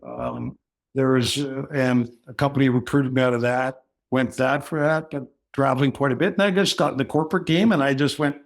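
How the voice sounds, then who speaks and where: A man in his sixties telling stories as a podcast guest, jokey and animated, acting out other people's voices as he goes. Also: mid-range voice, fairly quick. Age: 60s. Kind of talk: casual storytelling.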